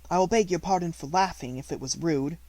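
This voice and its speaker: A man's voice: a little high, brisk, a little mellow, no room sound, pitched above the performer's own voice, natural voice. A man voicing a composed, imaginative young girl who speaks grandly and politely, in an audiobook reading. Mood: defiant.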